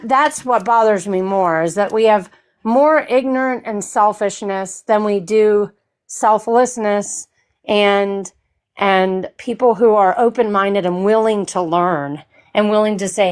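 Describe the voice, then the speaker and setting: Earnest woman caller, halting speech. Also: mid-range voice, clean tone. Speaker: caller, nursing student. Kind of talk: call-in chat.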